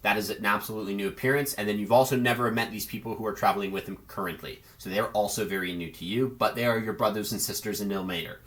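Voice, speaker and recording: A man's voice: on the low side, steady tone, fast, few pauses, fairly bright tone. A man narrating a tabletop game as game master, casual and rambling with many fillers.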